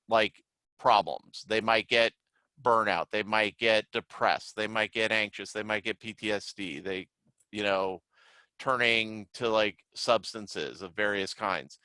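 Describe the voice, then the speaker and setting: A man, a trainer and psychiatrist, lecturing in a relaxed, conversational way with many filler words. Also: fairly low pitch, clean tone, no room sound, low-quality recording. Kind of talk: casual online lecture.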